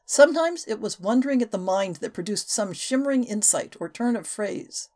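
A woman reading a historical novel aloud as an audiobook narrator, with expressive, varied delivery. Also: mid-range voice, normal speed. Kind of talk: scripted narration.

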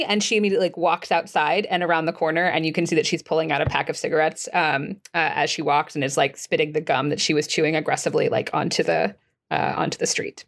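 A woman game master narrating a tabletop role-playing scene in a relaxed, hesitant way, with many fillers. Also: deep voice, fast.

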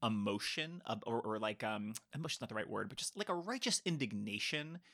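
Bright-voiced man chatting about films. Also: on the low side, lively intonation, fairly quick. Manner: chatty, playful, puts on silly voices for jokes. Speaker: podcast co-host. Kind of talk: casual film discussion.

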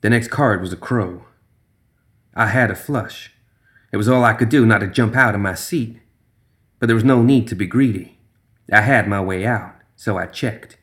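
A man's voice: lowish voice, moderate pace, long pauses, fairly bright tone. A man narrating a first-person horror story in a tense, dramatic way.

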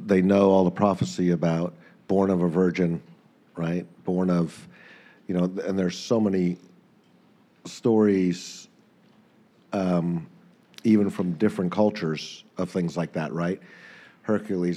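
A man in a Bible study group thinking out loud, often adding "right?" and "um". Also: low voice. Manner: thinking aloud, lots of "right?" and "um".

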